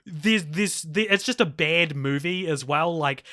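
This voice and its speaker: A man's voice: on the high side, measured pace, no room sound, clean studio sound. A man co-hosting a podcast, rambling through a casual film review with frequent laughs. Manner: animated, rambling, laughs often. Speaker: podcast co-host.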